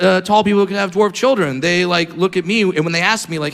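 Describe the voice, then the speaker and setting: A man's voice: high-pitched, a little fast, gravelly, slight background noise. A man doing a crude, punchy stand-up comedy set before a live audience. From California. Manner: brash, crude, punchy delivery with mocking voices for others. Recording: live show in a hall, loud audience.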